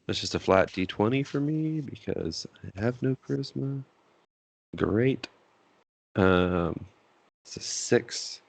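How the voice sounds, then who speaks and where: A man's voice: lowish voice, expressive, takes it slowly, gravelly, long pauses, no room sound. A man playing a tabletop game, talking casually and hesitantly with many fillers. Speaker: player.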